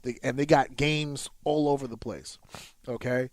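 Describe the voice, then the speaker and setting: Unhurried and echo-free, this clip features a thirtysomething man co-hosting a casual podcast. He spins an animated, foul-mouthed sports tale, his pitch shooting upward when the excitement hits.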